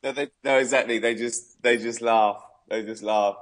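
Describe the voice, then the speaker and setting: A man in the middle of a relaxed radio chat. His humour is dry and self-mocking, and he breaks into laughter easily. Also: mid-range voice, normal speed. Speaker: guest comedian.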